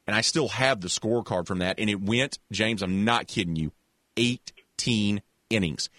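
A man with a lowish voice tells a long, winding story in a loose, chatty way. He restarts sentences, speeds up and slows down, and leaps up in pitch when he gets excited. The sound is close and dry, with no room around it. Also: dry recording. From American South. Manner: animated storyteller with many restarts, acts out voices. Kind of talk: casual storytelling chat.

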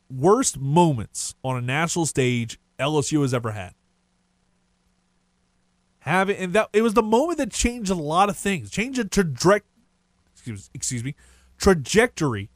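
A man hosting a sports radio show, rambling through his opinions in a casual, animated way. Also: on the high side, dry recording. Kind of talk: sports talk radio monologue. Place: radio studio.

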